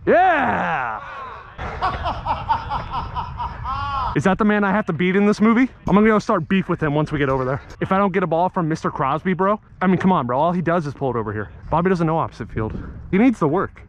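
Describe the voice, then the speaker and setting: A man vlogging from an outdoor softball field, joking with teammates and yelling at big plays. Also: sits high, racing, highs cut off. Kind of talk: excited play-by-play banter.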